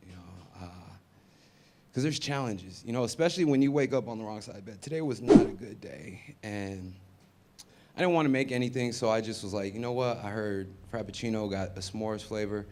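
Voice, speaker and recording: A man performing a stand-up comedy set, chatty and conversational, dropping to mumbled asides and jumping up loud for punchlines. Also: on the low side, a little fast, background noise. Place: comedy venue with live audience.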